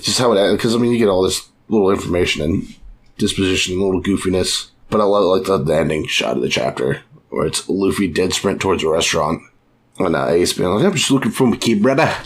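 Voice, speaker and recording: A man's voice: low voice, a little fast, a little hiss or hum. A man in casual podcast chat, talking loosely with frequent swearing and trailing thoughts. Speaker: co-host, first-time reader.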